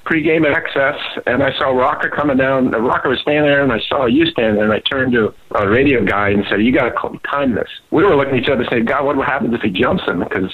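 A man's voice: mid-range voice, fast talker, few pauses, breathy edge. Man on a tinny phone line. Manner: casual, amused recollection. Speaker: interviewed fellow sportswriter. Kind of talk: recalled story over the phone.

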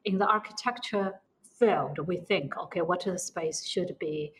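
A middle-aged woman with a Chinese accent, an architect answering interview questions in halting non-native English. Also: fairly low pitch, a little hiss or hum, rough recording.

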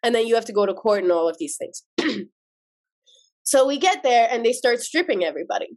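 A woman guest on a podcast telling a personal story in an animated, expressive way, swearing casually and slipping into Persian for quotes. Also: on the high side, fairly quick. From United States.

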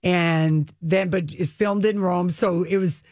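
A woman's voice: fairly low pitch, fairly even intonation, slow pace, a little mellow, no echo. Woman co-host, casual and chatty, dry close mic. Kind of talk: casual chat about TV shows.

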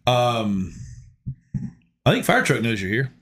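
A man whose pitch swings widely from low mutters to sudden highs. He ribs his co-hosts in teasing banter throughout a loose podcast chat. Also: very animated, fairly bright tone. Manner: teasing, quick to laugh. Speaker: podcast co-host.

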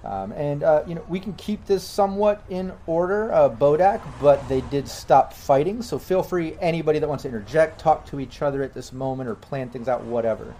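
A man's voice: on the high side, fairly quick, hardly any pauses, warm tone, slight background noise. A man running a tabletop game as game master, narrating loosely with many fillers and restarts.

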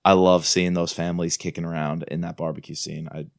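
A man's voice: low voice, level tone, fairly quick, gravelly, no echo, studio quality. A man co-hosting a podcast, chatting enthusiastically about a thriller novel and reading quotes aloud. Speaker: podcast co-host. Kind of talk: casual book review chat.

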